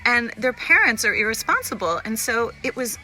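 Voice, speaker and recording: A woman chatting casually on a home live stream, rambling and animated, greeting viewers by name. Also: on the high side, normal speed. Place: at home, in a room with a window.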